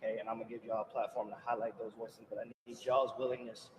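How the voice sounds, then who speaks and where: A man coaching a team huddle, speaking softly and low-key. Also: little pitch movement, quick pace. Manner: soft-spoken, low-key. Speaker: basketball coach. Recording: distant clip with background noise.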